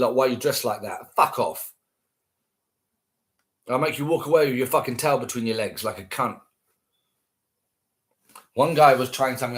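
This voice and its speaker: A man ranting casually to camera, scornful and heavily profane, repeating himself. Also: medium pitch.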